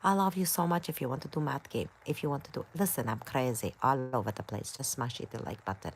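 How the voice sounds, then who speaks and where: Low-voiced woman chatting on a livestream. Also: fast talker, a little hiss or hum. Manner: scattered, playful, chatty. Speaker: livestream host reading chat. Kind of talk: casual livestream chat.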